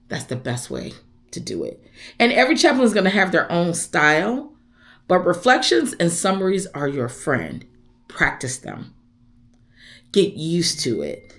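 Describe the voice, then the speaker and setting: Low-voiced woman chaplain. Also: expressive, a little slow. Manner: warm, conversational, speaks directly to viewers. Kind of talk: casual teaching vlog.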